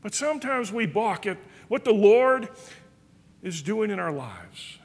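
Man, earnest folksy preacher, high voice, reverberant church hall. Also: very animated, measured pace. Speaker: Bible study teacher. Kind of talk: sermon.

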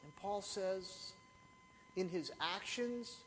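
A middle-aged man preaches to his congregation in a high, light voice. He tells his stories with animation and keeps asking the room rhetorical questions. His words ring out with a long reverb through a church hall. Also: lively intonation, moderate pace, a little hiss or hum. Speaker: pastor. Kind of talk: sermon.

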